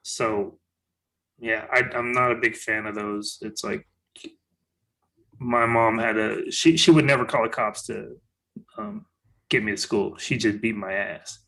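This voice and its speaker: A man's voice: lowish voice, unhurried, creaky, long pauses, pushed and bright. A man on a podcast, casually telling anecdotes in an easygoing way, full of filler words. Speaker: podcast guest. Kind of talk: casual chat.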